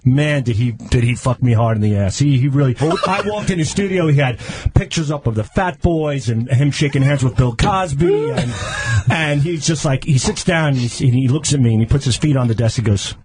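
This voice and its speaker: A man, a radio show regular who tells stories in a lively way and acts out other people's lines. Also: mid-range voice, moderate pace, a little hiss or hum. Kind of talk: casual radio chat.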